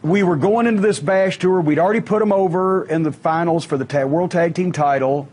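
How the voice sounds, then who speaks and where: A middle-aged man spins a profane, animated wrestling yarn, his voice pitched high. He has a husky, breathy edge. He acts out every quote as he goes. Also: brisk. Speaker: wrestling manager telling stories. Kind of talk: casual storytelling on a podcast.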